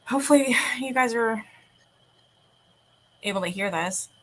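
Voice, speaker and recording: A woman's voice: a little high, a little slow, slight background noise, low-quality recording. Chatty woman with a sore throat. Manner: chatty, rambling, casual swearing, frequent laughs. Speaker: livestream host. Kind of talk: casual livestream chat and reading aloud. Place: at home.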